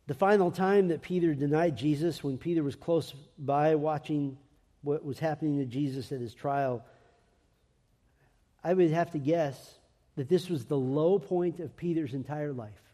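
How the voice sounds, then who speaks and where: A man preaching a sermon in an earnest voice that swings between emphatic and hushed. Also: a little high, normal speed, long reverb tail.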